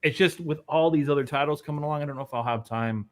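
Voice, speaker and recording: A man co-hosting a casual gaming podcast from a remote line that sounds choppy and robotic, delivering dry, deadpan jokes. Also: a little high, quick pace. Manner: deadpan joking, dry sarcasm. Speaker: podcast co-host. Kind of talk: casual chat about video games.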